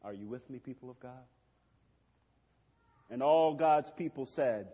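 A man preaching a sermon in a church, swinging between shouting and hushed asides and laughing at his own lines. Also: medium pitch, a little slow, long pauses, breathy edge. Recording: long hall reverb, dull lo-fi sound.

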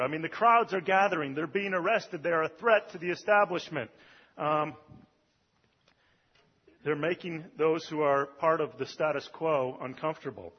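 A male pastor giving a sermon in a conversational way, with "um" and "uh" between thoughts. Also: fairly high pitch. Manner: conversational preaching with fillers. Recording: dull, lo-fi recording with long hall reverb.

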